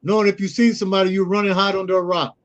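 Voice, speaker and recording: High-voiced middle-aged man telling stories. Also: flat delivery, rapid-fire, lo-fi sound. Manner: storytelling, acts out quoted dialogue. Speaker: guest, youth mentor. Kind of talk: casual conversational interview.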